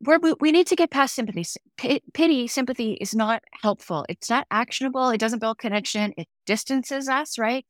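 A woman's voice: fairly high pitch, fairly quick, few pauses, no room sound, studio quality. A woman speaking as a podcast guest and grief educator, earnest and conversational, often checking in with "right?". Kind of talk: conversational interview.

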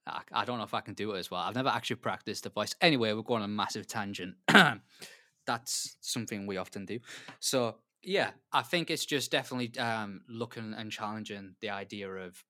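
Thoughtful English man, low voice. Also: bright, forceful tone. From England. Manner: thoughtful, halting with fillers. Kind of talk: casual faith discussion.

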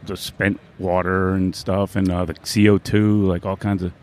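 A hungover man co-hosting at an outdoor beer festival, speaking in short, halting bits. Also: sits low, little pitch movement, a little mellow. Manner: laconic, halting. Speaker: co-host. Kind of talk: casual on-site interview.

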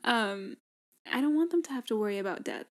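A woman's voice: a little high, animated. A young woman co-hosting a casual podcast, chatting and laughing often. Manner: laughs often, quick asides. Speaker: podcast co-host. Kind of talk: casual chat.

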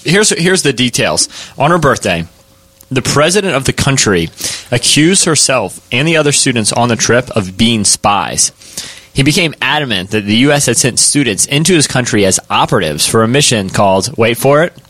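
A male podcast co-host relates a listener's odd story, breaking into laughter again and again. His voice moves up and down a lot. The sound is close and dry, with no room echo. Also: normal speed. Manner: laughs often, storytelling with lively pitch. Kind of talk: casual comedy podcast chat.

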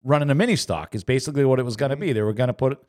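A man's voice: mid-range voice, racing, a little mellow. A man hosting a casual talk show, leading the chat and asking his co-hosts questions. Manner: leads the chat, asks questions. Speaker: show host.

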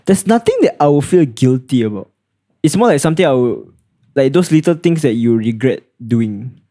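A man's voice: mid-range voice, expressive, moderate pace, dark tone. A young man with a Singaporean English accent, co-hosting a casual podcast and playfully teasing his friend. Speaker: podcast co-host. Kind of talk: casual chat.

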